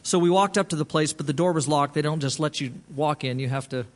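A man's voice: on the high side, quick pace. A man who is a pastor, telling a story in a sermon in a conversational way, often restarting his phrases.

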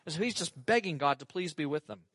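A man preaching an earnest, animated sermon as pastor, reading scripture and exclaiming over it. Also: on the high side, fast, slightly rough, no room sound.

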